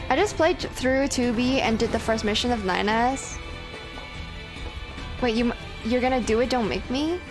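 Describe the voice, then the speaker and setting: A woman's voice: on the high side, moderate pace. A woman streaming a video game, chatting casually, bluntly and self-deprecatingly, swearing often. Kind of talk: casual gameplay commentary. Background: game music.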